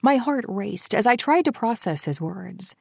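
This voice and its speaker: A woman narrating an audiobook in the first person, soft and intimate, on a close studio mic. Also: medium pitch, expressive, measured pace, vocal fry, husky, no room sound.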